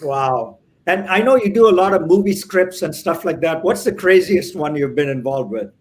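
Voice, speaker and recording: Enthusiastic male co-host, slightly high voice. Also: lively intonation, moderate pace, slight background noise. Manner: enthusiastic, short reactions. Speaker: co-host interviewer. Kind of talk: casual interview chat.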